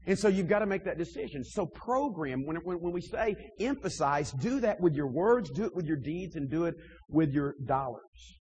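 A man delivers a sermon to church leaders in an emphatic, stop-and-start way, pushing hard on key points and then dropping low. His voice sits a little high and has a husky edge. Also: lively intonation, moderate pace, darkish tone, lo-fi sound. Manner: emphatic, rising and dropping in volume, frequent restarts. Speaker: preacher.

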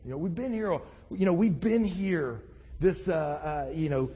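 A middle-aged man preaches to his congregation, chatty and story-driven before building into emphatic, urgent stretches. His voice is slightly high and husky. The sound carries a long reverb from a large church hall. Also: unhurried, warm tone. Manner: conversational storytelling, rising to emphatic. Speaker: pastor. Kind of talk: sermon. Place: church sanctuary.

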